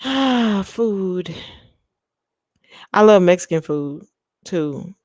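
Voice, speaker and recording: A woman's voice: mid-range voice, animated, drawn-out words, darkish tone, dry recording. A woman hosting a casual live chat with viewers, playful and teasing, drawing out lists of food. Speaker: livestream host.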